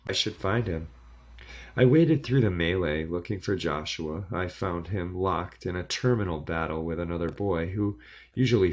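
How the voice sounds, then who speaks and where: A man reading a first-person horror story aloud in a measured, dramatic storytelling delivery. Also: sits low. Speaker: narrator.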